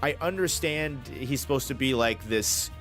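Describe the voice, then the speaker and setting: A man's voice: medium pitch, moderate pace, fairly bright tone, faint music behind. A man giving casual, rambling commentary as a manga review YouTuber, swearing often and restarting his sentences. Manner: rambling, profane, enthusiastic with restarts.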